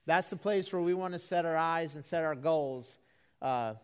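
A man's voice: fairly high pitch, a little fast, smooth. A man preaching a folksy, conversational sermon to a live congregation in an auditorium, building to earnest emphasis.

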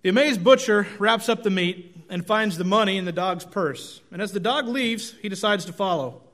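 A man's voice: high-pitched, moderate pace, a bit bright. Folksy male pastor preaching a sermon. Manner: conversational, self-deprecating, folksy storytelling.

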